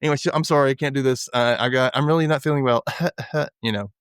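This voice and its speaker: A man's voice: medium pitch, fast talker, smooth, dry recording, studio quality. A man hosting a podcast, casually recapping a TV episode and acting out the characters' lines in little voices. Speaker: podcast host.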